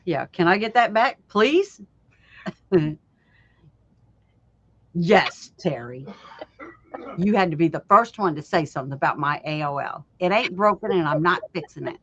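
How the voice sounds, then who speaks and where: Slow-talking woman, casual stream chat. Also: lowish voice, lively intonation, a bit bright, no echo. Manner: storytelling, laughs often, acts out voices in retelling. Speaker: co-host of a live stream. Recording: dull lo-fi stream audio.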